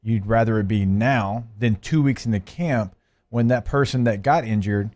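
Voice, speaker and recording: A man co-hosting a casual sports podcast who talks in a relaxed, steady, analytical way. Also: lowish voice, moderate pace. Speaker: podcast co-host.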